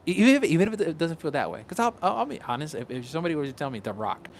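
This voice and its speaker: A man's voice: a little high, sing-song, rapid-fire, a little hiss or hum. A man from Puerto Rico chatting casually on a livestream as a content creator, rambling, restarting and swearing often.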